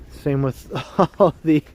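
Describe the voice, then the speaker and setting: On a snowy city street one evening, a Canadian man hosts a casual livestream as he walks, greeting chat viewers by name and laughing a lot. His voice is slightly high with a dark tone, and there's a bit of hiss or hum in the recording.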